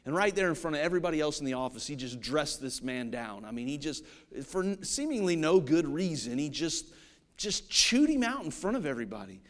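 A man preaching a sermon, animated and storytelling, acting out the people in his stories. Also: fairly high pitch, a little fast. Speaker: pastor.

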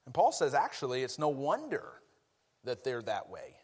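A man preaching a conversational, folksy sermon, self-deprecating and quick to laugh. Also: medium pitch, wildly swooping pitch, slightly rough.

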